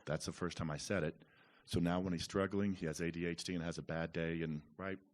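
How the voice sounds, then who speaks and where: A man's voice: deep voice, steady tone, a little fast. A middle-aged father from Alabama sharing an earnest, slightly hesitant comment from the audience. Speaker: parent in the audience.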